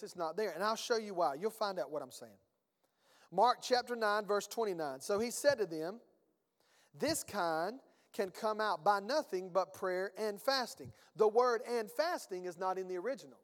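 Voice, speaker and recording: A male pastor preaching a sermon, reading scripture aloud and swinging between emphatic bursts and quiet asides. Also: high-pitched, long reverb tail.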